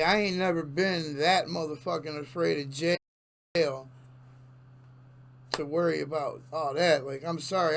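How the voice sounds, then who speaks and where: A man's voice: a little high, fairly bright tone, slight background noise. A man hosting a reaction video, talking casually and in disbelief, swearing freely and talking straight to his viewers. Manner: incredulous, swearing, addresses viewers directly.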